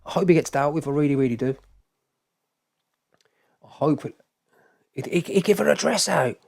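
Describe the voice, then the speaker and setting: A man with a fairly high, gravelly, slightly mellow voice rants on a live stream, talking fast and with lots of animation. He gets heated and repetitive, swears often, and addresses his chat directly in a casual way.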